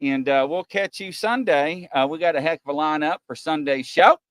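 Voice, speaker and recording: A man's voice: on the high side, normal speed, a bit bright, no room sound. A man from Kentucky hosting a podcast, chatting in a joking, rowdy way. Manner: joking, rowdy, laughs a lot. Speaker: host. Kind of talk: casual podcast chat.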